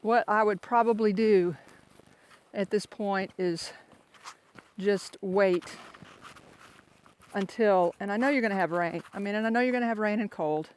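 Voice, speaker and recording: A man's voice: high voice, measured pace, smooth. An older man from Florida, chatting casually and poking fun at himself while he walks a foggy mountain trail, talking into a handheld phone camera. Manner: chatty, self-mocking, rambling. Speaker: hiker vlogger. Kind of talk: casual vlog while hiking.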